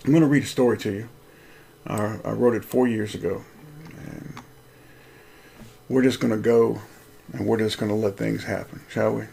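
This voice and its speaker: A man's voice: lowish voice, steady tone, moderate pace, vocal fry, long pauses, dark tone, slight background noise. A man, host of a Christian video channel, reading aloud a story he wrote, in an earnest, preacherly way.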